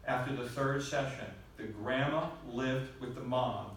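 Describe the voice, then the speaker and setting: A man giving a storytelling presentation to a live audience, animated and acting out the voices of the people he quotes. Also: medium pitch, measured pace. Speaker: presenter at an evening session. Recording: very echoey room, far from mic, faint hiss.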